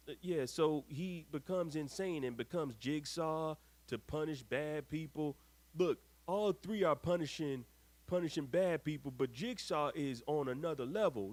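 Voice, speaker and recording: A man hosting a live stream in a casual, talkative way. His voice sits somewhat higher than most men's. He reads comments with animated swings in pitch and grumbles loudly at his equipment. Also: no room sound. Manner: exasperated, grumbling at tech trouble; animated, jumps pitch when reading comments aloud. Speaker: host. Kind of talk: live-stream chat, reading viewer comments.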